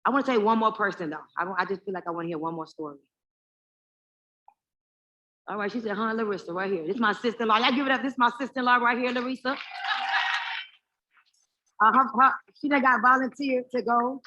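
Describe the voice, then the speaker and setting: A woman with a bright, forceful voice pitched a little high gives an animated, preacher-like talk to a live audience. She calls out for responses and rallies the room. The sound is somewhat dull and lo-fi. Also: fast talker. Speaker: motivational speaker hosting the event. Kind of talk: lively stage talk with call and response. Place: live event in front of an audience.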